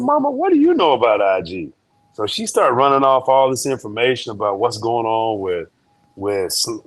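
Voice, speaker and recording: A man, a guest in an interview, telling a story in a joking, slangy, animated way. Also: medium pitch, no echo.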